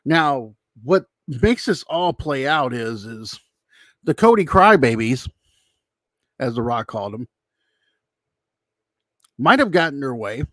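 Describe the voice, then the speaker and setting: A man's voice: medium pitch, very animated, slow pace, long pauses, fairly bright tone, no echo, clean studio sound. A man giving a casual, rambling spoken recap with his opinions, acting out quotes as he tells them. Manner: loose, rambling retelling, acts out quotes. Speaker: YouTube commentator.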